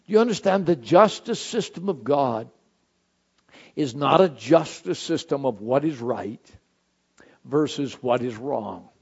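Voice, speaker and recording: A male pastor preaching a sermon, swinging from loud, high shouted phrases to soft, low, intimate ones. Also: animated, measured pace, creaky, breathy edge, dull audio.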